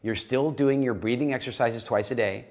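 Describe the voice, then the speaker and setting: A man's voice: mid-range voice, normal speed, darkish tone. A man coaching a nutrition program in a recorded lesson, talking animatedly and acting out little inner voices.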